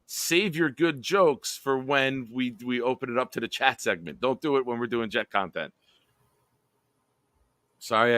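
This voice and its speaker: A man's voice: mid-range voice, sharp tone, no echo. A man hosting a casual live stream, reading viewer comments aloud and laughing often. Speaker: live show host.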